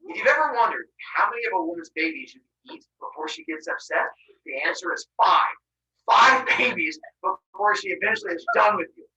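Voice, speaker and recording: A man telling a myth to a class as a comic story, animated and jokey. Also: sits high, a little fast, far from the mic, lo-fi sound. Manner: animated, jokey, lively sound effects. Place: room, masked.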